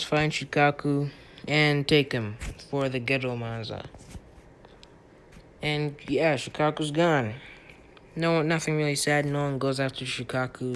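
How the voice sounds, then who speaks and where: A man's voice: a little high, a bit bright. A young man rambling casually through an anime fan theory, stumbling over names and leaning on fillers. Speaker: anime channel creator.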